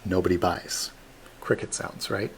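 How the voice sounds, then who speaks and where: A man tour guide giving a live online virtual tour, telling history as a lively story with playful asides to his audience. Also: sits low, a little slow, vocal fry, a little hiss or hum. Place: at home, streamed online.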